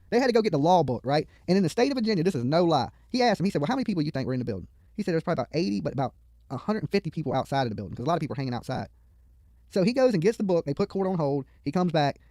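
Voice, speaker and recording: On a dry recording, a man whose voice sits fairly high and a little mellow riffs on a video from a studio. His live commentary is profane and mocking as he heckles those on screen and rambles into anecdotes.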